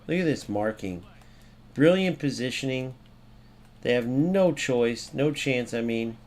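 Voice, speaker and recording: A young American man gives live commentary over his own football video game matches. He swears freely and swings from muttered asides to sudden loud outbursts. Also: mid-range voice, lively intonation, a little slow. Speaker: gaming YouTuber.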